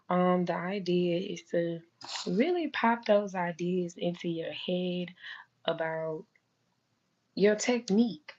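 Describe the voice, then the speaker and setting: A hoarse woman who has lost her voice, hosting a casual live stream as a nail technician and chatting to viewers with lots of fillers. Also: lowish voice, slow, darkish tone. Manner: chatty, addresses viewers as y'all, many fillers. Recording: dull lo-fi live-stream audio.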